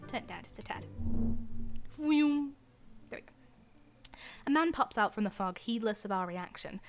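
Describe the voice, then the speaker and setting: Excitable woman streamer reading a game. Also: mid-range voice, quick pace. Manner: excitable, gushing between narration. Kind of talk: reading a romance game aloud with reactions. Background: faint game music.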